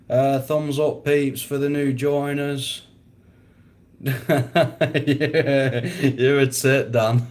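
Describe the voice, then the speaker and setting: Slow-talking laid-back man. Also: fairly high pitch, steady tone. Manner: laid-back, swears a lot, laughs often. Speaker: livestream host. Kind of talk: casual livestream chat reading comments.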